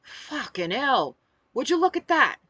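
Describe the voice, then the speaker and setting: Casting: gruff bearded brawler, woman putting him on, slow and snarling, lively pitch. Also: no echo, dull audio. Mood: fierce. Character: gruff bearded man, blunt and fierce.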